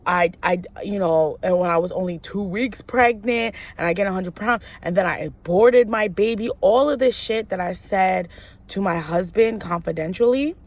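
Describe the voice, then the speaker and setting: A young woman in her twenties tells a personal story to her vlog audience in a mid-pitched voice. She is blunt and streetwise, full of slang and swearing. She acts out both sides of a heated phone fight. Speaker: vlogger. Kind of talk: casual storytime.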